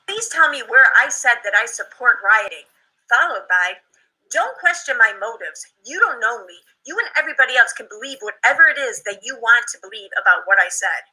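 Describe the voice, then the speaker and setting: A woman co-hosting a vlog, reading out social media posts in a steady manner. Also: fairly high pitch, a little fast, slightly rough, low-quality recording. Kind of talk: reading screenshots aloud.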